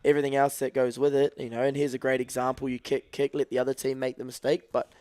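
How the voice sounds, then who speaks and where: A man co-hosting a rugby podcast, measured and analytical, talking through tactics at length. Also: mid-range voice, level tone, a little mellow, clean tone, no echo. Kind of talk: live watch-along sports podcast chat.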